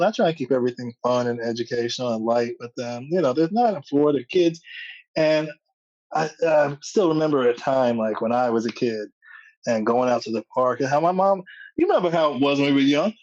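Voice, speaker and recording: A man's voice: a little high, a little fast, no echo, lo-fi sound. A man who is a comedian, guest on a podcast, telling stories in casual chat and acting out quotes with street slang. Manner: animated storyteller, acts out quotes, street slang.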